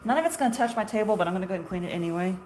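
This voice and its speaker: A woman's voice: medium pitch, expressive, racing, darkish tone, slight background noise. Chatty woman hosting a livestream. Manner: chatty, self-deprecating, laughs often. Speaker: shop owner selling marshmallows on a livestream. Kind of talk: casual livestream chat.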